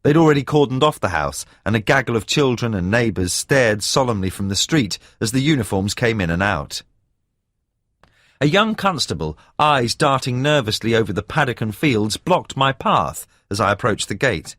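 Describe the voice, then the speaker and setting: A male audiobook narrator with a mid-pitched voice, reading a first-person thriller with measured, expressive delivery. His intonation rises and falls a great deal, and the close studio recording is completely dry. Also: no echo. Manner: measured storytelling with expressive emphasis.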